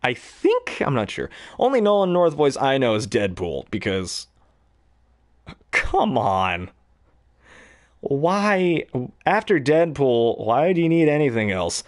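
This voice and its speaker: A man's voice: medium pitch, sing-song, takes it slowly, pauses often. A young man chatting casually about voice acting, rambling with lots of fillers and laughs. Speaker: hobby voice actor. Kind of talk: casual chat.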